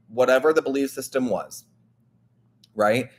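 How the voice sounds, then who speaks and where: A man of ordinary pitch hosts a wellness show and talks straight to the listener. His delivery is earnest and coaching, and he keeps checking in with a quick "right?". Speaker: wellness podcast host. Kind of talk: motivational casual talk.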